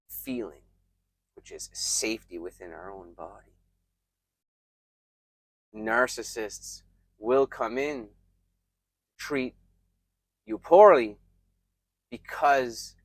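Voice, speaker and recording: A man giving reflective, emphatic self-help advice straight to his viewers, pausing often and restarting his sentences. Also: mid-range voice, dry recording. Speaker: self-help video creator. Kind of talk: earnest self-help talk to camera.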